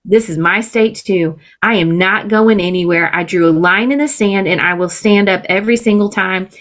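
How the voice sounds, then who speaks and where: A woman's voice: mid-range voice, moderate pace, a bit bright. A woman from the Southern United States, a political candidate speaking as a podcast guest in earnest, emphatic casual conversation. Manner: earnest and emphatic, with laughs and restarts.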